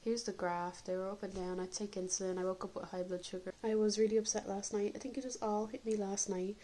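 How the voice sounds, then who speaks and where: A woman's voice: mid-range voice, little pitch movement, quick pace, warm tone, a little hiss or hum, rough recording. Woman vlogger, candid and chatty, home video diary, the odd cough. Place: indoors at home.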